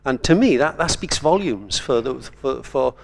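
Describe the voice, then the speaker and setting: Gravelly older man. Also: medium pitch, expressive, moderate pace. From Wales. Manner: thoughtful, digressive storytelling. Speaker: writer on a festival panel. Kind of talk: conference panel discussion.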